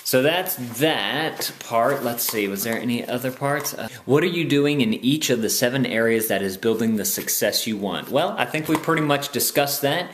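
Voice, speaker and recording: Laid-back dad vlogging, rambles then sings baby talk over and over. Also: male voice, mid-range voice, normal speed, reverberant, slight background noise. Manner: relaxed, rambling, sings and repeats words to a baby. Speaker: vlogger and new father. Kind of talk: casual vlog talk and baby talk.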